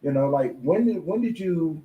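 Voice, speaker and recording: A man's voice: fairly high pitch, animated, moderate pace, narrow, tinny audio. A man hosting a podcast, reflecting casually with plenty of fillers before asking his guest a question. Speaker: podcast host. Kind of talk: casual interview chat. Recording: roomy audio with faint ambience.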